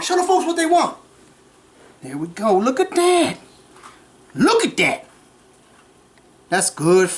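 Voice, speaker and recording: A man's voice: very high-pitched, a little hiss or hum. A man playing a folksy redneck cooking-show host, boastful and bossing his cameraman around in a home kitchen. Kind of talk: comic cooking demonstration. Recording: roomy kitchen echo.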